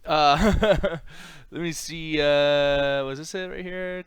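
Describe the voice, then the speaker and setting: A young man streaming, chatting loosely with his viewers in slangy, sing-song talk, his throat a bit rough. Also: fairly high pitch, slow pace, dry recording. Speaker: streamer host. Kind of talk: casual live-stream chat.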